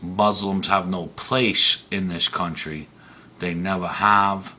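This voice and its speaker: Man, angry rant, profane, slow deliberate delivery, tense edge. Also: low-pitched, steady tone, bright, forceful tone, slight background noise. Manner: heated, profane, emphatic. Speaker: video blogger. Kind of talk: angry ranting monologue.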